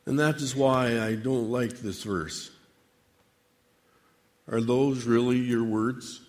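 A man preaching a dramatic sermon monologue addressed to God, with measured, theatrical delivery and long pauses. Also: medium pitch, steady tone, in a large hall.

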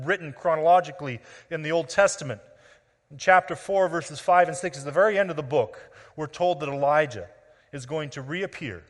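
A man's voice: fairly high pitch, a bit bright. A man preaching a sermon, explaining scripture and often restarting with repeated words. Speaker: pastor. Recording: long reverb of a large hall.

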